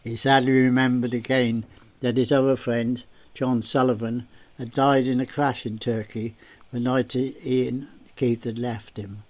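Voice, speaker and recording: A man reads a story aloud, narrating in a steady, unhurried way. His delivery is plain and even, with a mid-pitched voice.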